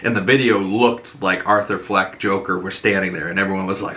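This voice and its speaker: A man's voice: deep voice, steady tone, brisk, sharp tone. A man with a Boston accent hosting a podcast, talking in a loose, rambling, casual way with lots of fillers. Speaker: podcast host. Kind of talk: casual commentary.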